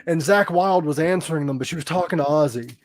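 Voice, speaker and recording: A man co-hosting a casual podcast, telling stories in an animated, profane way. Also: a little high, fast, dry recording, poor audio. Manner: animated, profane, laughs often. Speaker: podcast co-host. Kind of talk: casual chat, storytelling.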